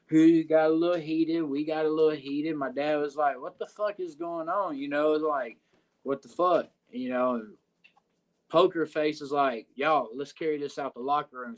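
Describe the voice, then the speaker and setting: A man with a Southern US accent telling a locker-room story in a podcast interview, cursing often and rambling with fillers. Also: fairly high pitch. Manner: profane, rambling, frequent "uh" and "you know what I'm saying". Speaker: wrestler guest.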